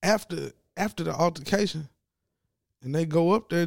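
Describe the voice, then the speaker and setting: A man giving a casual, profane sports commentary rant, animated and mocking as he talks. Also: fairly high pitch, brisk, vocal fry, dry recording, clean studio sound.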